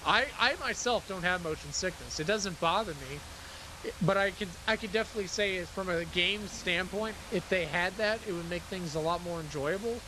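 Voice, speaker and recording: A man streaming a driving game live, rambling in casual commentary, sarcastic and quick to swear. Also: high-pitched, background noise.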